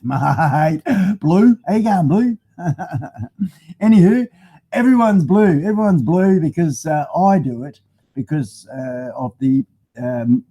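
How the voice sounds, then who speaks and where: Middle-aged Aussie bloke hosting a live stream from his garage on a phone webcam; mellow, a touch high, rambling and mildly sweary. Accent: Australian. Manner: rambling, chatty, mildly swearing, laughs often. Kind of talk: casual live-stream chat. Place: home garage with motorbikes. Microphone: phone used as webcam.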